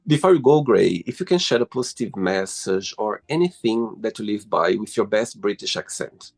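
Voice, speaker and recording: A man's voice: on the low side, expressive, moderate pace, creaky. A man in his forties hosting a casual interview, upbeat and effusive in how he talks. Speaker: host.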